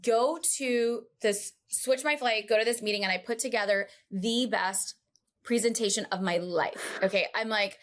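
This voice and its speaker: A woman guest on a podcast, telling her story in a casual, animated, chatty way full of asides. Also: a little high, normal speed.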